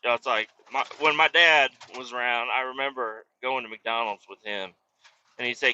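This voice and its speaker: Bright-voiced man ranting casually. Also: medium pitch, fairly even intonation, normal speed. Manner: rambling, profane, storytelling. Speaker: podcast host. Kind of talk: casual comedic rant. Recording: dull lo-fi dry recording.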